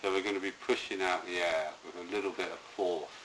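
Man, deep bright voice, meditation teacher, rambling and hesitant, restarts often. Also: fairly even intonation, quick pace, slight background noise, rough recording. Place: indoor room with a live group.

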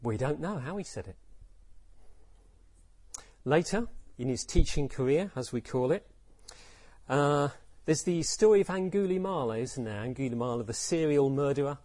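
A man's voice: on the high side, moderate pace, mellow, dry recording. A man, a Buddhist teacher, telling stories in a reflective talk, often posing questions to his listeners. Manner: reflective, poses rhetorical questions, acts out quotes. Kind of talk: Dharma talk with storytelling.

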